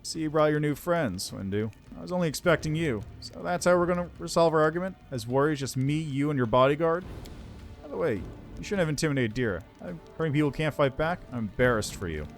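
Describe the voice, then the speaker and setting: A man's voice: a little high, expressive, brisk, soft background music. Guy doing disappointed warrior dude, reproachful, pretty normal voice. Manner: reproachful, weary. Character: resolute, disappointed young tribal warrior, man.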